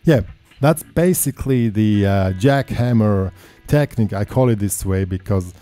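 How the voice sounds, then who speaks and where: A man giving a casual guitar lesson, talking in a relaxed, chatty way and counting in and scatting rhythms. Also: on the low side, measured pace. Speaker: guitar teacher. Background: electric guitar playing.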